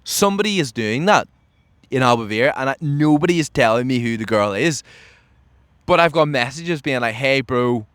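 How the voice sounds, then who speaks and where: A man's voice: medium pitch, moderate pace, smooth, no room sound. A young man hosting a podcast, telling a story in casual chat and acting out the lines of the people in it with lots of fillers. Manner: animated storyteller who acts out quotes, many fillers. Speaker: podcast host.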